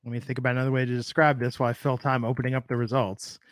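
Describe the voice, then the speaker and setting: Racing along in a medium-pitched, level voice, a man in his thirties co-hosts a casual wrestling podcast, rambling and thinking aloud with fillers. The recording is dry and of studio quality.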